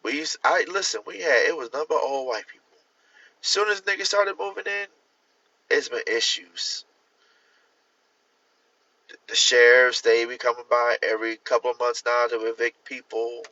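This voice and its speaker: A man's voice: medium pitch, normal speed, pauses often, sharp tone, distant mic. A man, chatting casually and animatedly on a livestream, laughing and acting out the voices he quotes. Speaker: livestream host. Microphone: phone. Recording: dull lo-fi phone audio.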